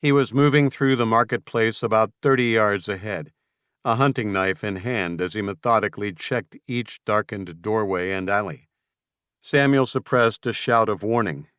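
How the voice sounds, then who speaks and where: A man narrating a post-apocalyptic audiobook in a measured, even storytelling manner. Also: lowish voice, smooth, no echo, clean studio sound. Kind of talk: scripted narration.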